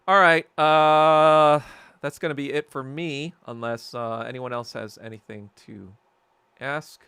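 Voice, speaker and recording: A man hosting his own podcast in a solo rant, profane and heated, swinging between loud outbursts and low muttering. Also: fairly even intonation, a little slow, clear, resonant tone, no echo. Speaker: podcast host. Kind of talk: solo ranting monologue.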